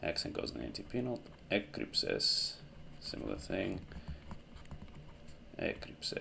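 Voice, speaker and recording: A man with a very low, gravelly voice teaches a grammar lesson. He explains step by step in an unhurried, methodical way, pausing to correct himself. Faint room noise sits behind him. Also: wildly swooping pitch. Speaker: language teacher.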